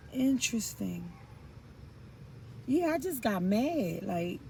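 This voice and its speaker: A woman talks through a tarot spread in a loose, conversational way. She is blunt and slangy and swears now and then. Her voice sits at an ordinary middle pitch. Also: a little slow, a little mellow, a little hiss or hum, rough recording. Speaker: tarot reader. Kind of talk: casual tarot reading chat.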